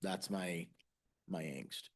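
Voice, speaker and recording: A man with a fairly low voice speaks as a county commissioner at a public meeting. He is measured and halting, pausing and restarting before making his point.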